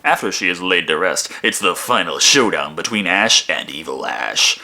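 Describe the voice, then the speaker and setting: A man narrates a comedic movie review. He is sarcastic and profane, and his pitch leaps around a lot. His voice sounds bright and forward. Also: lively intonation, moderate pace.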